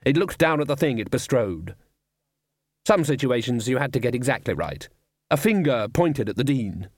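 A man narrating an audiobook in a measured, even reading with dry humour. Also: medium pitch, no room sound.

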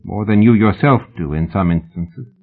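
A man's voice: deep voice, normal speed. Man doing a cold, formal rich old collector. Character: wealthy old male collector, cold and precise. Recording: tinny phone-like sound.

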